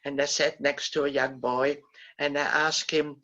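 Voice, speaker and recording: Older woman, survivor guest speaker, forceful bright tone, halting storyteller, lo-fi sound. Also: sits low, flat delivery. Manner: halting, gentle storytelling with frequent restarts. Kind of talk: recounting personal memories in a talk.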